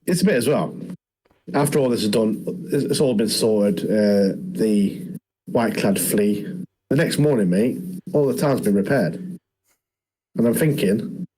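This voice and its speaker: A man's voice: on the low side, measured pace, long pauses, mellow, slightly rough, poor audio. A man co-hosting a podcast, recapping anime scenes in casual, enthusiastic chat. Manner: enthusiastic, says "mate" a lot. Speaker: podcast co-host.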